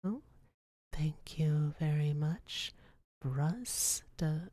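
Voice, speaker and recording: A woman's voice: deep voice, very slow, mellow. A young woman streaming ASMR, whispering and rambling in a casual, self-deprecating way into a close mic.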